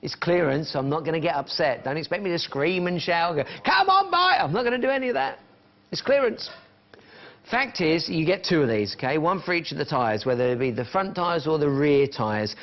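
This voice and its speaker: With music behind him and a dull, lo-fi broadcast sound, a male live shopping channel presenter chats his way through a TV sales pitch, counting down prices. He sounds slightly high, expressive, and a little fast.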